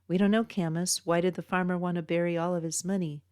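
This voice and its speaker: A woman reading a grinning eager man, quick and raised, enthusiastic. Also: lowish voice, fairly even intonation, darkish tone, no echo, clean studio sound, close to an everyday voice. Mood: playing along. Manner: enthusiastic, playing along. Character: cheerful grinning man on stage.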